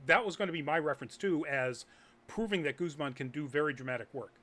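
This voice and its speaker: A man's voice: fairly high pitch, fast talker, sharp tone. A man hosting a live nerd news show, chatting casually with many ums and uhs as he reads news and viewer comments. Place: Massachusetts.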